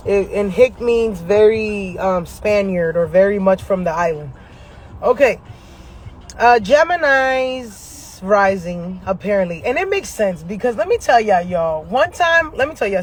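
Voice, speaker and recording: High-voiced man, slangy and animated. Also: slight background noise. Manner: animated, profane, slangy storytelling; laughs often between lines. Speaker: astrology vlogger. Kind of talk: casual chat to camera. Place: inside a parked car.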